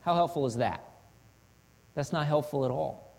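A man's voice: a little high, normal speed, gravelly, a little mellow, slightly rough. A man preaching a sermon in an earnest manner, asking rhetorical questions and acting out example confessions. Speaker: pastor.

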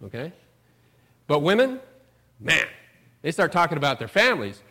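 A middle-aged man preaches from the pulpit in a chatty way, sharing folksy stories about himself at a normal speed. His slightly high voice makes big pitch swings, pushing up for emphasis and then trailing off softly.

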